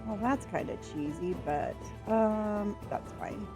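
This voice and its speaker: A woman's voice: mid-range voice, slow, music in the background. A woman streaming a video game from home, chatting casually and greeting viewers by name. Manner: bubbly, greets chat by name. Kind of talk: casual livestream chat.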